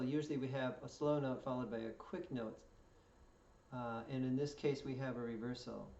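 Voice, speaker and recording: A man's voice: medium pitch, darkish tone. A man teaching fiddle step by step, patiently explaining notes and counting in before each play-through. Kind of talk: step-by-step music lesson. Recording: echoey room, distant mic, dull sound. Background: fiddle playing.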